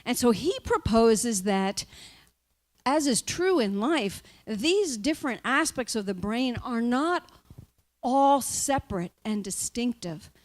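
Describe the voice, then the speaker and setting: Woman minister, spiritual talk to a group, unhurried, chatty, keeps asking the room questions. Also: fairly high pitch, lively intonation. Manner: conversational, often checks in with the listeners by asking "right?".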